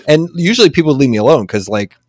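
A man's voice: a little high, very animated, racing, darkish tone, no echo, studio quality. A man in his late forties from San Antonio, talking casually as a guest, rambling with many fillers and restarts. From San Antonio, Texas. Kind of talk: casual conversation.

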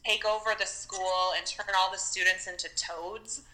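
Woman, casual chat, very bright sharp voice, chatty, lots of fillers. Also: mid-range voice, steady tone, moderate pace, rough recording. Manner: chatty, recounts scenes with fillers. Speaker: podcast co-host reviewing a film.

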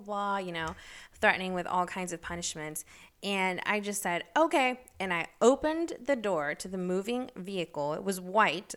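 A woman hosting her own podcast, telling stories in a chatty, rambling way with lots of fillers and bursts of excited, incredulous emphasis. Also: fairly low pitch. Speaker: podcast host. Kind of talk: casual solo podcast chat.

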